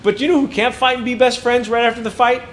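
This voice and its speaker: A man giving an inspirational talk to teachers, animated and acting out students' voices. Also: extremely high pitch, fast, slight background noise. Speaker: inspirational speaker.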